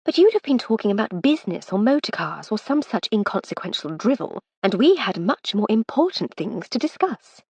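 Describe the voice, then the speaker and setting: A woman voicing a breezy, wry aristocratic Edwardian lady in an audiobook, quick to laugh. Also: medium pitch, big pitch swings, a little mellow, breathy edge, no room sound, dull audio, voice pushed up.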